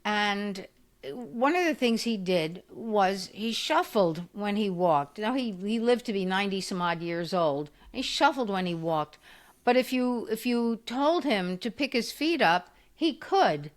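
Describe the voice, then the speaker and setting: An older woman in her eighties, a physical therapist, speaks as a guest in a podcast interview. Her voice sits at an ordinary middle pitch, and she tells her stories with energy, slipping into the voices of the people she quotes. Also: unhurried. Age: 80s. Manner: animated storyteller who acts out quoted voices.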